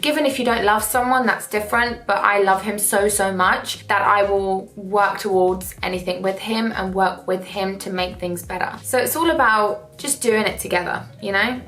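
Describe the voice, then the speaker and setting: In a casual get-ready-with-me vlog, a woman with a medium-pitched, fairly bright voice talks at normal speed with few pauses, candid and emotional, slipping into laughing storytelling. Her room echoes, and faint music plays behind her.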